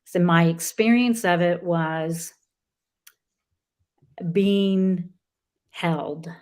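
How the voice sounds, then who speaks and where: Halting, earnest middle-aged woman. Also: lowish voice, darkish tone. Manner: halting, many restarts, earnest. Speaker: guest author. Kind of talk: conversational interview.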